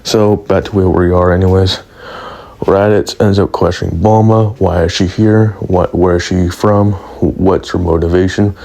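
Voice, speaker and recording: A man's voice: sits low, steady tone, measured pace, gravelly, dark tone. A man hosting a fan channel, casually narrating a made-up story and often restarting and hedging as he goes. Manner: rambling, with frequent restarts and hedges like "I'll say".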